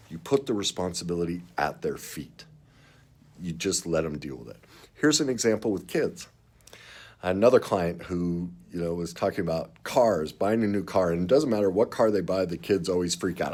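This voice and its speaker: A man's voice: low voice, animated, moderate pace, darkish tone, breathy edge. A man coaching viewers on relationships in an earnest, emphatic way, speaking straight to them. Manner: earnest, emphatic, acts out clients in quotes. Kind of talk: direct advice to camera.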